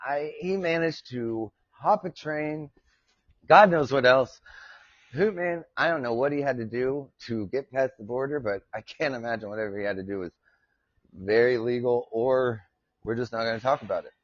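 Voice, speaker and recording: A man's voice: medium pitch, normal speed, no room sound, lo-fi sound. A man hosting a casual live podcast from his desk, rambling and joking, swearing casually. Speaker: podcast host. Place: home desk with his dog nearby.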